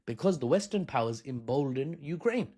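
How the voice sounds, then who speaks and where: A man's voice: medium pitch, lively intonation, normal speed, dark tone, breathy edge. A man giving an opinionated commentary monologue as a political commentator, talking conversationally with frequent rhetorical asides.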